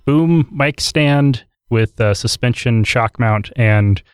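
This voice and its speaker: A man's voice: mid-range voice, slow, smooth, dry recording, faint music behind. A man hosting a podcast in casual chat, joking and talking with frequent fillers into a studio mic. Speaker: podcast host.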